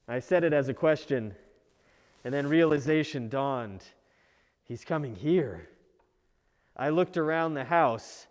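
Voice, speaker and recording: An aging fisherman looks back and tells his story in the first person, voiced by a preacher. The voice sits a bit high for a man and is reflective in manner. A long reverb hangs after each phrase. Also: smooth. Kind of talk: first-person narrative sermon.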